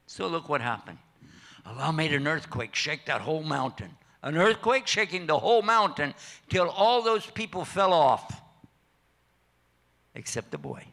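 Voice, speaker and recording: A slightly high male voice with vocal fry belongs to an older preacher in a mosque hall. Animated and playful, he delivers a storytelling sermon, joking with the crowd and acting out the figures in his tale.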